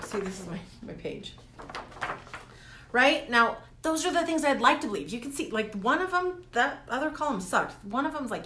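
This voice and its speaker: Bright, lively woman vlogging in an echoey room. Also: on the high side, moderate pace. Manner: animated, laughs often, talks to viewers directly. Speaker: coach vlogger. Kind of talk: casual motivational vlog.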